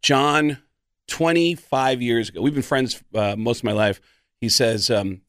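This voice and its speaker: A man's voice: medium pitch, unhurried, no room sound, clean studio sound. A man, a comedian guest, telling stories in casual podcast chat and slipping into impressions. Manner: animated, slips into impressions.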